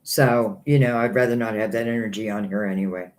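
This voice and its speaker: A man's voice: lowish voice, steady tone, a little fast. A man giving psychic tarot readings on a live stream, rambling and thinking aloud, earnest and a little hurt by critics.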